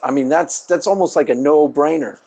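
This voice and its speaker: A man hosting an interview, chatting in a relaxed, conversational and agreeable way. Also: fairly high pitch, fairly quick, gravelly. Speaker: interview host. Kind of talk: casual conversation.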